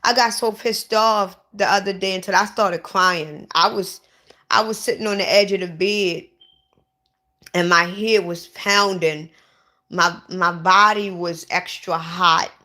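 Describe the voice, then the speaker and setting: Slow-talking sick woman, bright voice. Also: lowish voice, fairly even intonation. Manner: upset, repeats herself, restarts often. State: sick, lightheaded. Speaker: vlogger. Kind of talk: casual livestream talk.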